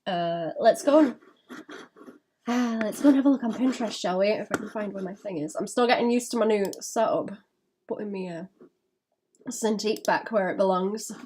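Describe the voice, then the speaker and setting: A woman's voice: mid-range voice, normal speed, darkish tone, a little hiss or hum. A woman chatting casually while she draws on a live stream, thinking aloud with small laughs and restarts. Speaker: illustrator streaming her drawing.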